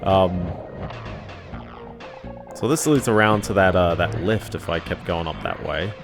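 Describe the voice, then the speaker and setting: A man with a somewhat low voice gives relaxed commentary on a video game stream. He rambles and hedges, trailing off into chuckles. Game music plays clearly underneath him. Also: a little slow. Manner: rambling, hedging, chuckles to himself.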